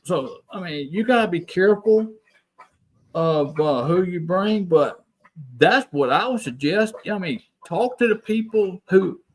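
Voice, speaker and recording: A man from Alabama with a Southern American accent, a plainspoken guest on a radio talk show who repeats himself for emphasis. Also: high-pitched. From Alabama, USA. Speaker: guest, property owner who records sounds. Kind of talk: casual radio interview chat.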